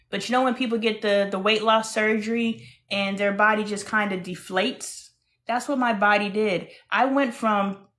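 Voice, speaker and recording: Chatty woman hosting a casual livestream. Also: mid-range voice. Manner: chatty, animated storytelling with playful exclamations. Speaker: host.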